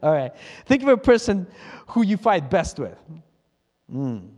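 A man's voice: high-pitched, sing-song, measured pace, darkish tone. A middle-aged man preaching a casual, conversational sermon as pastor, chuckling at himself now and then and briefly imitating how other people pray. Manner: conversational, self-laughing, mimics others' prayers. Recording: church hall reverb.

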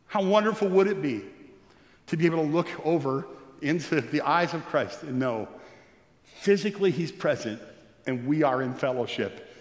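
A man's voice: lively intonation, normal speed. A man preaching a sermon, explaining scripture verse by verse and asking his listeners questions directly. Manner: expository preaching, rising in pitch when stirred. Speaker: pastor. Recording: echoey hall with long reverb.

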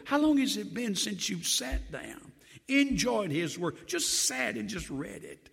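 Older man preaching, gravelly and lively. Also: measured pace, big-room sound. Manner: swings from loud emphatic lines to low quiet drops, joking asides. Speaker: pastor. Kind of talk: sermon.

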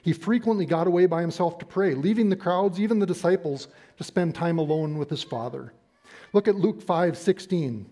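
A middle-aged man delivering a sermon with a mellow, fairly high voice. He speaks emphatically and deliberately, slowing down to stress key phrases. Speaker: preacher.

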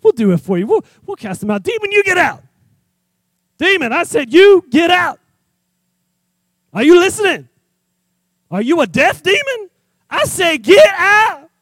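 A man acting out overeager disciples who keep yelling at a demon to get out. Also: sits high, huge pitch swings, quick pace, hardly any pauses, slightly rough, dry recording, clean studio sound, full character voice. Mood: blustering. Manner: shouting, exasperated, repetitive.

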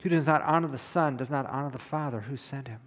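A man's voice: mid-range voice, fast talker. Emphatic male pastor in a reverberant hall. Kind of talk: sermon.

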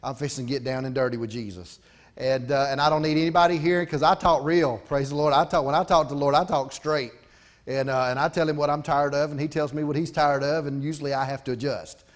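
A man's voice: fairly high pitch, steady tone, fast talker. A middle-aged pastor, preaching a folksy, conversational sermon with asides to his congregation.

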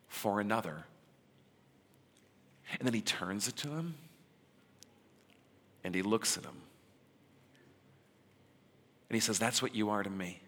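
A male preacher speaks in a bright, forceful voice, casual and emphatic by turns, leaning on pauses for effect. A long hall reverb follows every phrase. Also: mid-range voice. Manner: conversational and emphatic, with dramatic pauses. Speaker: pastor. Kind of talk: sermon.

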